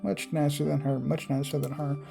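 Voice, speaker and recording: A man's voice: a little high, flat delivery, fairly quick, creaky, mellow, faint music behind. A man doing a chirpy little cartoon bird. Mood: gossipy. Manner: repeats phrases, chirps between words.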